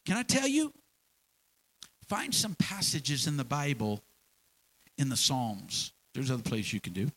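A man preaching a sermon in a church, folksy and animated, with homespun examples and repeated phrases. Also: mid-range voice, measured pace, pauses often, poor audio. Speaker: pastor.

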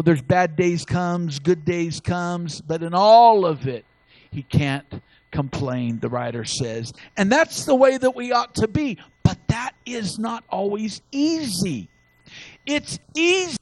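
A man's voice: high-pitched, no room sound, low-quality recording. A man preaching a sermon, telling folksy stories with frequent restarts. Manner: folksy storytelling with many restarts.

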